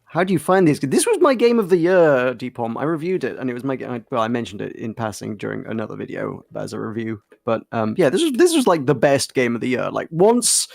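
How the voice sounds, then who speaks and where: A man with a gravelly, fry-edged voice chatting wryly through a video game playthrough. His sound is dry and close, with no room around it. He rambles a little and restarts his sentences as he goes. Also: mid-range voice, very animated, fairly quick, few pauses, no echo. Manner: wry, chatty, trailing restarts. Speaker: co-host. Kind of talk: casual gameplay chat.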